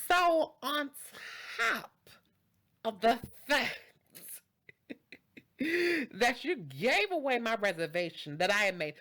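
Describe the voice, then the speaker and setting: A woman's voice: a little high, very animated, slow pace, fairly bright tone, voice pushed up, heavily acted. A woman playing an indignant diner who talks back in a sassy, exasperated way, laughing between lines.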